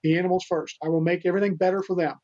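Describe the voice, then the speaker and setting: A man's voice: high-pitched, steady tone, very fast, a little mellow. An older man, a guest telling stories about animal rescue in an earnest, rambling way with many restarts, on a dull recording. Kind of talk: storytelling interview talk. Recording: dull lo-fi sound.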